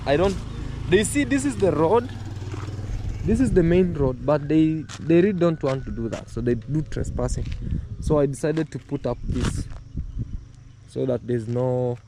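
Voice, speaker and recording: A man walks his home farm outdoors for a casual walk-and-talk vlog, rambling loosely with many fillers and repeated phrases. His mid-range voice has a warm tone, with slight background noise.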